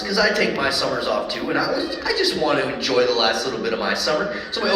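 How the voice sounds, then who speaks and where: A motivational speaker tells a story to a crowd in an animated way, acting out each voice. The man's voice is forceful and a bit high. He is heard from a distance in a large hall with long reverb. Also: moderate pace, a little hiss or hum. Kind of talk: storytelling talk to a live audience. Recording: echoey hall from a distant mic.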